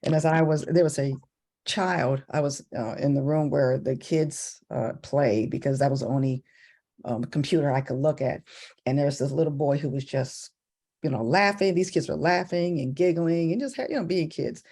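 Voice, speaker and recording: Husky woman telling a story. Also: normal speed. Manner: animated, acts out a child's voice in high pitch. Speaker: member of a women's church group. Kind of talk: casual storytelling. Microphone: video call.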